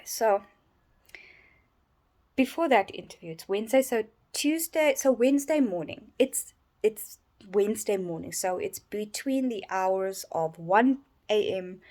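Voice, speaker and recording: A tired, sleep-deprived woman rambling in a personal vlog from her bedroom, yawning and halting with many restarts. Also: mid-range voice, a little mellow. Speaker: vlogger.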